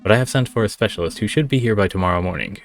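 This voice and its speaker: A man's voice: on the low side, racing, creaky, soft background music. A man doing a fussy French doctor. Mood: businesslike. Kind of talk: reading game dialogue aloud.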